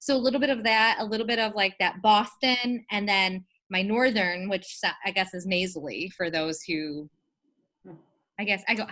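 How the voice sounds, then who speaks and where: A middle-aged woman co-hosting a relaxed podcast. Her voice is bright and of medium pitch. She talks freely, laughs often and slips into little voices when she quotes people. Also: normal speed. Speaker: podcast co-host. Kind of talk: casual chat.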